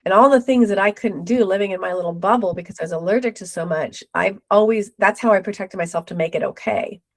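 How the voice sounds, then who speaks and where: A middle-aged woman speaks as a guest, recounting her own story with animated, acted-out quotes. Her voice sits at a middle pitch. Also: fast. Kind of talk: personal storytelling in an interview.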